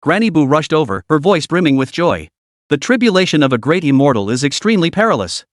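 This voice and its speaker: Guy reading a fantasy recap, bouncy pitch, dead dry mic. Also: sing-song, quick pace, dry recording. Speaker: narrator. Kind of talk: scripted story narration.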